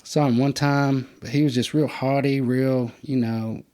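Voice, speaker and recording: Male podcast host, conversational and animated, mid-range voice. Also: normal speed, few pauses. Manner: animated storyteller, acts out quotes in a higher voice. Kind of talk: casual storytelling chat.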